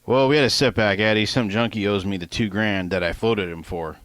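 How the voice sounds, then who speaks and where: A cocky, reckless young man, as a man reads him, quick to tease and scheme. The voice sits a bit higher than the narrator's plain tone. It sounds dry and close. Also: fairly even intonation, a bit bright, no room sound, close to an everyday voice. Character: reckless, hot-headed young man, the best friend.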